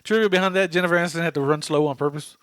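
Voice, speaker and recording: A man's voice: a little high, fairly even intonation, very fast, a bit bright, clean tone, no echo, clean studio sound. A man co-hosting a movie podcast, casually recapping scenes and sharing trivia, with some swearing. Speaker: podcast co-host.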